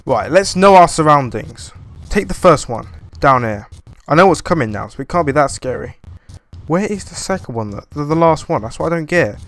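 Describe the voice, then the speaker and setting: A young man playing a horror game and commenting on it, jittery and panicky, talking to himself and sometimes humming in a sing-song way to calm his nerves. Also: a little high, normal speed. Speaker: gaming YouTuber.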